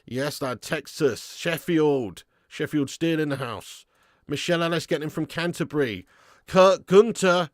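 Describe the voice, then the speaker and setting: A young man running a live football watch-along, with a slightly high voice in a dry, close sound. He reads out chat in a relaxed way, then flares up into swearing outbursts at the players before sinking back to quiet mutters. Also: moderate pace, no echo. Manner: excitable, swears and shouts at players, then drops to low mutters. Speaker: fan commentator hosting a live watch-along. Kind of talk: casual live-stream match commentary and chat reading.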